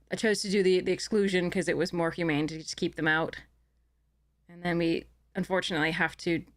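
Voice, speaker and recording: Smooth-voiced woman streamer chatting. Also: lowish voice. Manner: rambling, chatty, many fillers and restarts. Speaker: game streamer. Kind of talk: casual live-stream chat.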